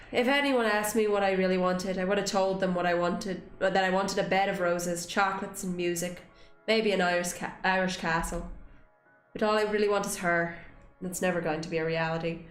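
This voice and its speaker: Expressive young female gamer reading narration and commenting; roomy sound. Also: fairly low pitch, normal speed, soft background music. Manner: expressive, swearing, laughing asides. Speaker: let's play host.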